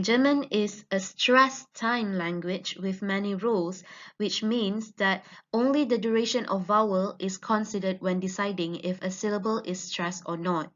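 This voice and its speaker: A woman student giving an academic presentation on her research, explaining slowly with frequent ums. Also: mid-range voice. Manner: measured, explanatory with fillers. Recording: dull lo-fi recording.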